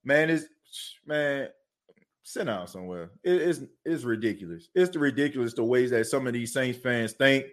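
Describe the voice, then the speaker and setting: A man's voice: medium pitch, moderate pace. A man hosting a sports podcast, ranting heatedly and repeating himself. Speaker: podcast host. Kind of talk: casual sports talk.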